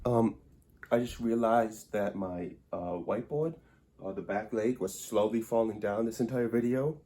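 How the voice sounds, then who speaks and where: A man's voice: fairly low pitch, steady tone, a little slow, mellow. A man giving a comedic grammar lesson at a whiteboard indoors, rambling and wry in a mock-serious way.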